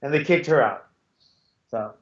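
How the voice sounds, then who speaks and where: A man's voice: medium pitch, expressive, a little slow. A middle-aged man hosting a podcast over a video call, telling a rambling story full of restarts. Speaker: podcast host. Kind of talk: casual chat. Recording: echoey, dull call audio.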